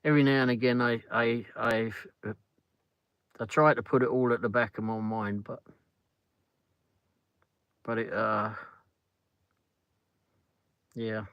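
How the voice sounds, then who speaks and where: A man's voice: medium pitch, fairly even intonation, slow, pauses often, smooth, no echo, muffled recording. A middle-aged English man hosting a casual livestream chat from a car on the drive home, rambling as he answers viewer comments. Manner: rambling, peppers talk with "flipping". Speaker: livestream host.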